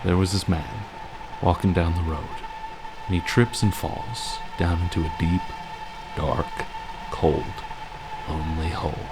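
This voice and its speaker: A man playing a steady young adventurer who calms a friend with a story. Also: low voice, a little slow, long pauses, heavy background noise. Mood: calming.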